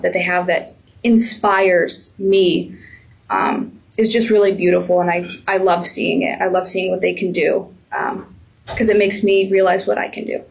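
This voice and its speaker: A young adult woman, a media program intern, giving a casual spoken reflection with many pauses and ums. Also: medium pitch, vocal fry, rough recording. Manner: hesitant, with many ums and restarts.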